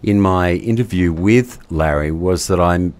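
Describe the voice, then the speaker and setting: A man's voice: low-pitched, measured pace, darkish tone. A man hosting a live radio show with a formal broadcaster's delivery. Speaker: radio host.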